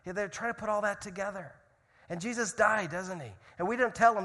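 A man gives a sermon in a church. He speaks in a fairly high voice and swings from loud, urgent stretches to hushed storytelling. A long hall reverb trails behind him. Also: a little fast. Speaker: missionary speaker.

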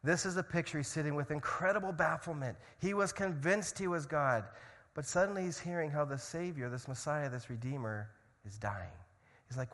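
A man gives a sermon in a church. He speaks in a fairly high voice and swings from loud, urgent stretches to hushed storytelling. A long hall reverb trails behind him. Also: normal speed. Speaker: missionary speaker.

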